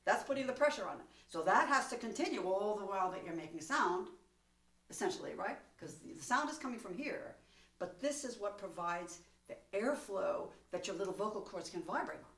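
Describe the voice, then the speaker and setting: A woman's voice: medium pitch, animated, brisk, fairly bright tone. A woman teaching a one-on-one singing lesson, coaching and demonstrating in an encouraging way. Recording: echoey room, voice from a distance.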